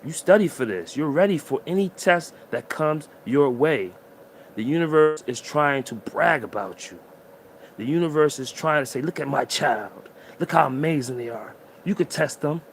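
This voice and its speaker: Emotional man preaching encouragement, fairly high voice. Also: a little hiss or hum. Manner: emotional and preachy, addresses the listener directly. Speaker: motivational speaker. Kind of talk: motivational monologue.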